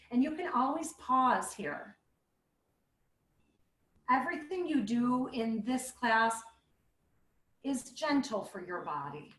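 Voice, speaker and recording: Gentle woman leading a yoga class. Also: fairly high pitch. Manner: gentle, playful cueing with animal sounds. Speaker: yoga instructor. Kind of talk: guided yoga class instruction. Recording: echoey room.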